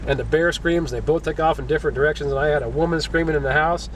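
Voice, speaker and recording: A man's voice: fairly high pitch, rapid-fire, far from the mic, slight background noise, low-quality recording. A man chatting at an outdoor camp, telling stories and acting out what people said. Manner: animated storyteller who acts out what people said. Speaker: vlogger on a camping and gold-dredging trip. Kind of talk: casual storytelling chat and solo talk to camera. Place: outdoor camp on a wooded mountain hillside.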